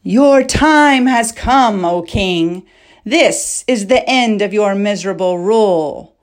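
A woman's voice: mid-range voice, expressive, takes it slowly. A woman voicing a defiant male knight in an audiobook, delivering a solemn, menacing ultimatum.

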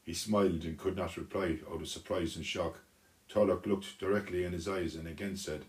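A man telling a children's story aloud, unhurried, with small restarts. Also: sits low, fairly even intonation.

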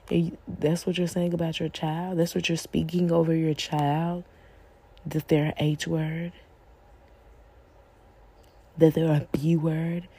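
Woman host, husky and mellow, earnest and pleading parenting talk. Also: deep voice. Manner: earnest, pleading, rhetorical questions. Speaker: podcast host. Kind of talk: faith-based parenting talk.

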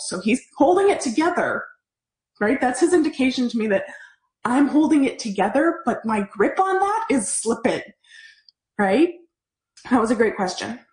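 A woman runs a live online parenting class, chatting in an animated way as she responds to viewer comments. Her voice is fairly high, and the room sounds echoey.

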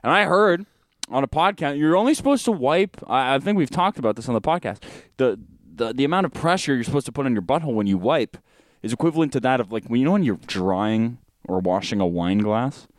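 A man's voice: mid-range voice, animated, fairly quick, no room sound. A man co-hosting a podcast, rambling and swearing in crude casual chat. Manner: rambling, swearing, laughing as he talks. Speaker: podcast co-host.

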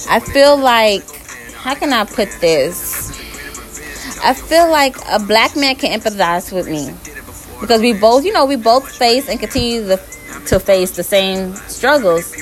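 A woman vlogger answering viewer questions in a candid, casual way. She speaks her mind plainly and often breaks into laughter. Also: medium pitch. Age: adult mother. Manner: frank and opinionated, slow and deliberate, often breaks into laughter.

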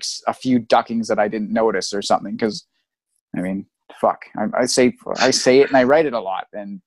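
A man's voice: medium pitch, dry recording, clean studio sound. A man co-hosting a podcast, chatting casually with friends and swearing often. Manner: frequent swearing, rambling storytelling. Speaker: podcast co-host. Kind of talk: casual chat.

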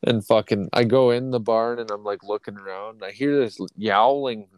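A man's voice: lowish voice, fairly even intonation, normal speed, smooth, no room sound. A man from Canada telling long, rambling, profane stories in a casual podcast chat. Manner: profane, rambling anecdotes with acted quotes. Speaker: podcast co-host.

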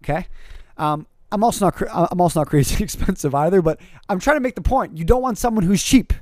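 A man talking on his own podcast as a public speaking coach, energetic and emphatic, with many fillers and repeated words. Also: high-pitched, quick pace, no room sound. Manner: energetic, emphatic, rising to excited peaks. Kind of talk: podcast monologue.

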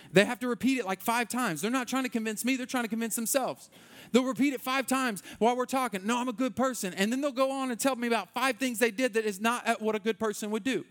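A man preaching a sermon in an earnest, repetitive way that rises to passionate intensity. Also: high voice. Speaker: pastor.

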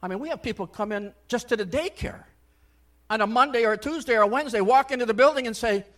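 High-voiced man preaching a sermon. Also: quick pace. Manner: swings between loud exhortation and soft near-whispered asides; conversational, frequent "I mean" and "you know". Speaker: pastor.

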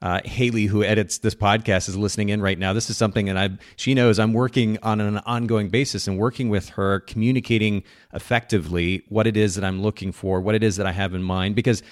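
A low-voiced man hosting a podcast, talking quickly and eagerly. His voice is close and dry, with no room sound around it. He keeps encouraging his guest. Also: fairly even intonation, no room sound. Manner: enthusiastic, warmly encouraging, laughs often. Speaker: podcast host. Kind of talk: podcast interview.

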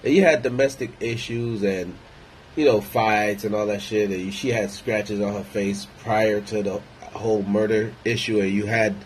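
Blunt, profane man with a low voice. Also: slight background noise, poor audio. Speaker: vlogger. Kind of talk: casual opinion monologue.

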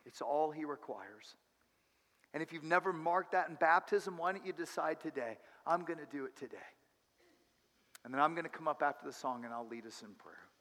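A pastor telling a story in a sermon, dramatic, moving from hushed to loud. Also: male voice, fairly high pitch, lively intonation, a little fast. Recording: long hall reverb.

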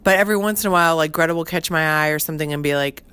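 A middle-aged woman with a somewhat low voice tells a personal story in relaxed, casual chat. She rambles and keeps filling gaps with "like" and "you know". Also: very fast, clear, resonant tone. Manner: chatty, heavy use of fillers like "like" and "you know". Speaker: podcast host.

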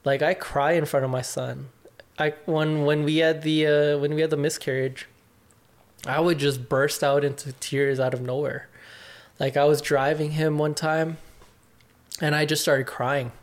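Candid young man, slightly high voice. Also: little pitch movement, unhurried. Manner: open and reflective, many "like" fillers, swears casually. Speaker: podcast guest. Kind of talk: candid conversation.

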